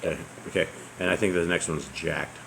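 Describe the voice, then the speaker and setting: A man proofreading along with a reader, asking quick questions and cracking jokes. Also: deep voice, steady tone, vocal fry, fairly bright tone, slight background noise, rough recording. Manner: joking, quick to ask questions and check details. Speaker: proofreader checking text. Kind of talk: casual chat while proofreading.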